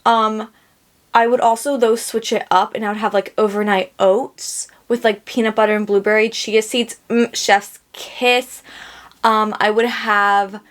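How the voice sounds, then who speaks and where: A woman's voice: medium pitch, flat delivery, moderate pace. A young woman hosting a casual solo podcast, rambling and joking at herself, talking through lots of fillers and restarts while sounding a little under the weather. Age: young adult. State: sick. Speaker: podcast host.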